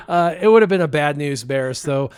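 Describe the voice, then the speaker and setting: A man casually telling a funny story, lively and laughing as he acts out the voices of the people in it. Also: fairly high pitch, moderate pace. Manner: animated, laughing, acts out quotes. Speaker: guest storyteller.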